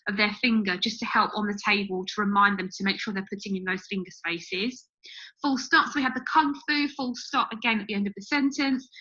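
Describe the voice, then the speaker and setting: Bright-voiced woman teacher explaining. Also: fairly high pitch, highs cut off. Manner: steady step-by-step explaining with fillers. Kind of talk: explaining a method to parents.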